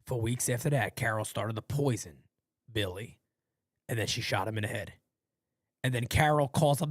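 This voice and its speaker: A man hosting a casual live fan play-by-play, rambling and swearing between pitches. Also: moderate pace, long pauses, no echo, studio quality. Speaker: play-by-play host of a fan channel.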